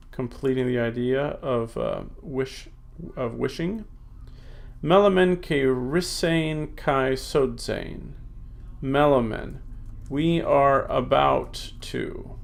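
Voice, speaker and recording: Medium in pitch, gravelly and somewhat dark in tone, a Greek teacher's voice guides a recorded lesson through exercises. He types and thinks aloud at once, repeatedly correcting himself and using fillers.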